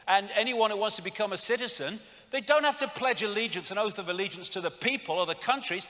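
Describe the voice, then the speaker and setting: A man lectures from a stage in a high, bright, cutting voice. He rants and mocks, swearing freely as he goes. His voice rings through a long hall reverb, with a faint crowd behind him. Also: fast. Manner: ranting, sarcastic, swears often. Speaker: public speaker.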